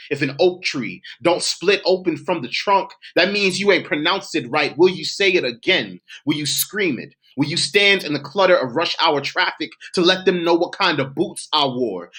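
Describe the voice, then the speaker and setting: A man's voice: fairly high pitch, pushed and bright, slightly rough. A man performing his own spoken word poetry for a virtual showcase, with a rhythmic, emphatic, cadenced delivery. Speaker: poet. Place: home, virtual showcase submission.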